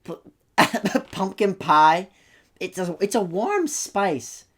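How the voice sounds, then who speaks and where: A man's voice: high-pitched, very animated, drawn-out words, a bit bright. A young man in his late teens co-hosting a casual podcast, teasing his friend and laughing often as he tells stories. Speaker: podcast co-host. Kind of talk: casual chat.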